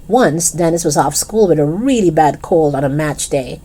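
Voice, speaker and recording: A woman with a low, dark voice reads a children's chapter book aloud at an easy storytelling pace. She now and then turns aside to chat playfully with the reader. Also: expressive, normal speed, slightly rough.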